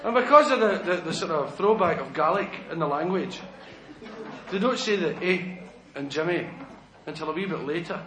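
A man's voice: fairly high pitch, animated, a little fast. A man with a Glasgow accent doing rambling live stand-up, chatty and giggling as he tells a story. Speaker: stand-up comedian. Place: stage in a large hall. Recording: live venue, echoey, crowd laughter and hiss.

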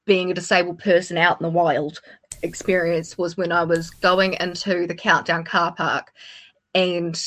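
A woman's voice: on the low side, fairly bright tone. A woman in casual radio chat, telling anecdotes sarcastically and acting out the quotes.

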